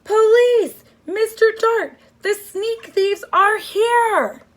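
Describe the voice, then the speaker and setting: A woman's voice: medium pitch, animated, vocal fry. A woman reading aloud, voicing an earnest young boy in a storybook. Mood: shouting. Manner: slow, pleading lines; shouts for help.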